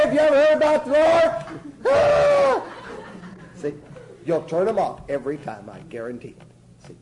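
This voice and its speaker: A man's voice: high voice, warm tone, slight background noise, low-quality recording. A man preacher teaching a church class in an emphatic, folksy way, often checking in with his listeners. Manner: emphatic, folksy, keeps asking "see?".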